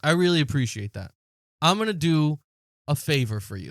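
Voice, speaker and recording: A man's voice: a little high, very animated, moderate pace, dry recording, clean studio sound. A man in his late twenties, a podcast co-host, telling a story in casual chat and acting out the quotes with plenty of swearing.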